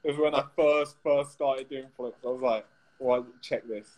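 Young man, relaxed teasing co-host. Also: mid-range voice, moderate pace, low-quality recording. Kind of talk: casual chat.

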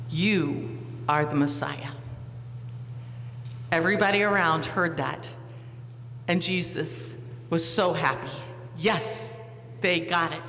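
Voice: medium pitch, a bit bright. A pastor giving a sermon in a church, telling the story vividly and asking the congregation questions. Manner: storytelling, acting out the disciples, posing questions to the listeners. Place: church sanctuary. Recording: reverberant church hall, faint hum.

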